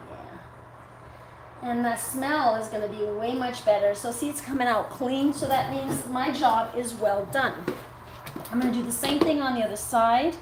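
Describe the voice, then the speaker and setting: A woman hosting a live stream as a dog groomer, chatting casually with viewers and cooing at the dog she works on, recorded on the device's own mic indoors. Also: a little high. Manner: chatty, coos at the dog between talking to viewers. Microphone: device mic, her own mic not set up. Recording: echoey room with background noise.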